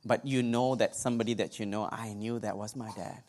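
A man's voice: fairly low pitch, brisk. A man preaching a sermon, telling a personal story with humor and asides to his congregation. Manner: humorous, animated testimony with asides to the audience.

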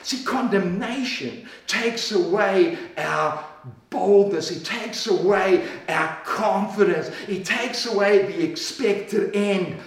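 Aussie preacher guy, highish voice, repeats himself for emphasis, way back from the mic in a big echoey church. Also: slow pace. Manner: emphatic, repeats words, swings from loud to hushed. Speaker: pastor. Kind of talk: sermon. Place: church service. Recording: echoey church hall from far off.

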